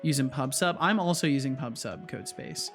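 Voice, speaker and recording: A man's voice: mid-range voice, brisk, fairly bright tone, faint music behind. A man streaming as a game developer, chatting casually and thinking aloud with frequent restarts, easily startled. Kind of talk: casual live-coding chat.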